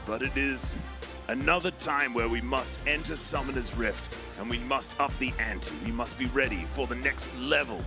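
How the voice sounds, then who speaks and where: A man's voice: mid-range voice, normal speed, music in the background. A man doing play-by-play esports commentary with a theatrical, joking manner, hamming it up as an old man.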